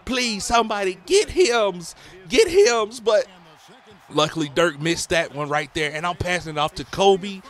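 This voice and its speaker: Excitable high-voiced man hyping a game. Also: a little slow. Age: adult, a parent. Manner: excitable, slangy hype talk. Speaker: gaming YouTuber. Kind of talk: let's play commentary.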